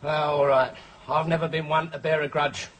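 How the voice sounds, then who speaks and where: A cocky, sarcastic know-all corporal, as an actor plays him. His voice sits high. A clear hiss from the old TV soundtrack runs under him. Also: flat delivery, normal speed, a bit bright, natural voice. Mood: bickering. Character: smug boastful male corporal, know-all. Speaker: RAF corporal. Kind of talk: 1980s TV sitcom acting.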